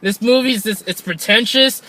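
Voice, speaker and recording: Rambling high bright-voiced young man. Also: normal speed, a little hiss or hum. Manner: rambling, fills with "like" constantly, restarts a lot. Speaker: podcast co-host. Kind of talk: casual film review chat.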